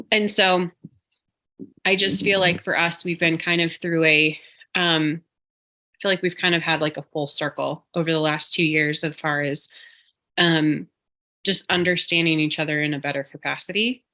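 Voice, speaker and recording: Female co-host, 30s, deep-set but bright tone, thoughtful and meandering. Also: fairly even intonation, moderate pace. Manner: reflective, rambling with many fillers. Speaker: podcast co-host. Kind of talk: casual chat.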